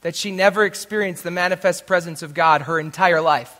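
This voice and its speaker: A man preaching, telling a personal story with dramatic shifts between loud moments and hushed asides. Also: high voice, a little fast. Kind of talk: sermon storytelling. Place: live church event in a large hall. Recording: reverberant hall.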